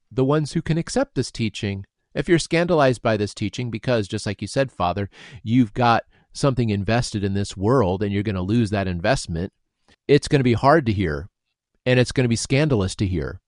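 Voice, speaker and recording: A man's voice: on the low side, expressive, fairly quick, a little mellow, dry recording, studio quality. A man discussing scripture, explaining word meanings and using everyday examples. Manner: explanatory, uses homely examples.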